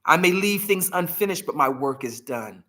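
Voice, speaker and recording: A corny older man facing death with calm, deadpan humor, as a woman retells his words. He speaks slowly and quietly with a straight face, and his voice is bright and forceful. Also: low voice. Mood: calm, settled.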